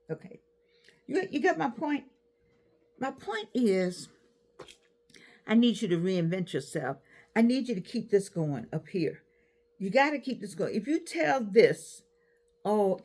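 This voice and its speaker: A woman in her eighties talking casually to camera, giving advice with animated repeats and restarts. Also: mid-range voice. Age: 80s. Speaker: vlogger.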